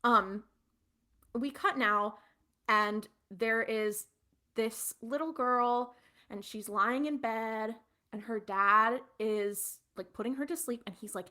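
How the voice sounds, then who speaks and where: A woman's voice: on the high side, slow pace, sharp tone. A woman podcast co-host, retelling a TV episode in a rambling, casual way with lots of fillers. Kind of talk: casual recap chat.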